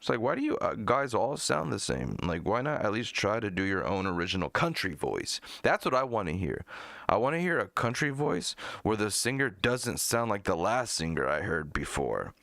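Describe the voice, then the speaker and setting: A man's voice: fairly low pitch, sing-song, moderate pace, gravelly, fairly bright tone, no room sound. A man hosting a live music-review stream, talking bluntly and profanely with mocking asides. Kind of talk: casual live-stream chat.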